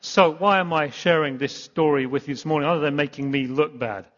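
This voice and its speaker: A slightly high-voiced man preaches from the front of a church, telling a rambling, self-deprecating story full of false starts. His voice rings with a long reverb in a big hall, and the recording sounds somewhat dull and muffled. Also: brisk. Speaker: pastor. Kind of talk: sermon.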